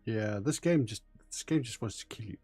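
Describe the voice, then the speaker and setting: A man's voice: lowish voice, mellow, husky, no echo, faint music behind. A man joking and rambling in casual chat while streaming a game. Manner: slow, rambling, joking commentary.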